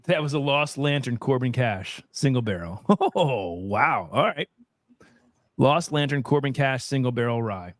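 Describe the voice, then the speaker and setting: A man's voice: medium pitch, expressive, unhurried, dry recording, studio quality. A man hosting a casual whiskey tasting panel, bantering, swearing and laughing as he reveals his rankings. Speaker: host.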